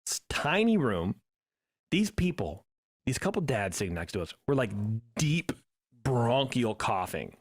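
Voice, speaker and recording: Animated male podcast co-host. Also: mid-range voice, normal speed, dry recording. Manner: animated storyteller, acts out quotes. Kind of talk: casual chat.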